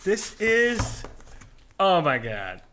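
Man, channel host, casual unboxing chat, excitable, rambling, jokey, slightly high voice. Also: extremely slow, a little hiss or hum.

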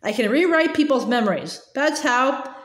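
A woman voicing a gentle, apologetic teenage girl, speaking softly and hesitantly while reading a storybook aloud. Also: sits high, expressive, moderate pace, reverberant. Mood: sad.

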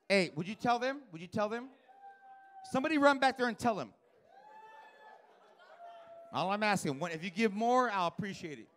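Brash, profane stand-up comic, high voice. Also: male voice, lively intonation, moderate pace, long pauses, fairly bright tone. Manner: brash, profane, teasing the audience. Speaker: stand-up comedian. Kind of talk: live stand-up crowd work. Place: comedy club stage with a live audience. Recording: live club audio with crowd murmur.

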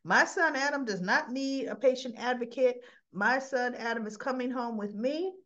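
A woman's voice: fairly high pitch, expressive, measured pace. Controlling father, cold and commanding, a woman reads him, muffled lo-fi audio. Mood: stern. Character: stern controlling middle-aged father.

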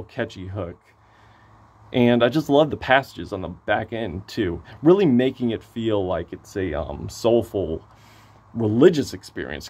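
A man with a hoarse voice giving a casual, excitable album review, gushing and swearing freely. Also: on the low side.

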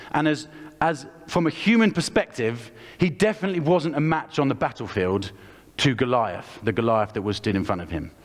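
A man with an English accent preaching a lively storytelling sermon, acting out the characters as he tells the story. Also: mid-range voice. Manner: animated, acts out the characters' voices. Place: church hall. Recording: long hall reverb.

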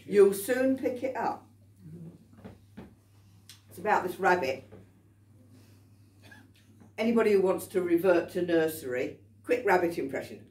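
A woman's voice: lowish voice, unhurried, long pauses, a little mellow, slight background noise. A woman, a folk performer, telling a story live to a club audience in a chatty, playful way and coaxing them to join in. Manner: chatty, playful, laughs between lines, coaxes the audience. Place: folk club room in a pub. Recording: echoey room, mic at a distance.

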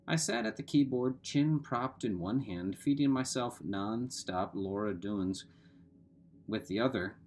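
A man reading a novel aloud in a steady voice, sometimes correcting a slip. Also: on the low side.

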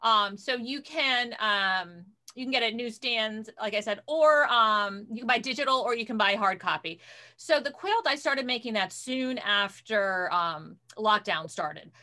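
A woman's voice: on the high side, unhurried, bright, forceful tone. A woman quilter chatting casually on a video call, rambling a little while she fiddles with sharing her screen. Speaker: guest quilter.

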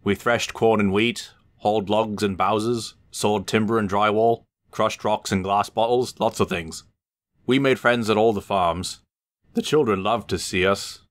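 A man voicing a gentle, hardworking old male traction engine in a storybook reading, talking softly and modestly. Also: lowish voice, fairly even intonation, a little slow, pitched above the performer's own voice, natural voice. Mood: wistful.

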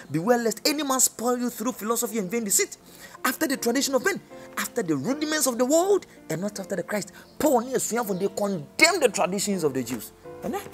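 A man with a Ghanaian accent preaching a sermon, impassioned, dropping low and then crying out.

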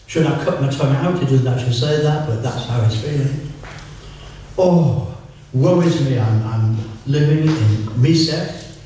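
An older man from England giving an informal, joking sermon, slowing down whenever he quotes scripture. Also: mid-range voice, background noise. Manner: chatty, self-mocking, slows right down for scripture. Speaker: preacher. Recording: echoey room, voice from far off.

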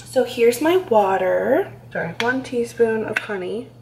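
A woman's voice: a little high, expressive, a little slow, gravelly, slight background noise, poor audio. A young woman vlogging casually at home, reacting dramatically and squeamishly as she talks through a recipe. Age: young adult. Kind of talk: casual vlog chat.

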